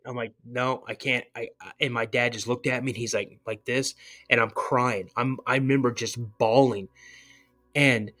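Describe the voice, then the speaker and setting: A man's voice: medium pitch, a bit bright. Man rambling through a tense memory. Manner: rambling, many "you know" fillers and restarts. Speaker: podcast guest. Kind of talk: recounting a personal encounter story.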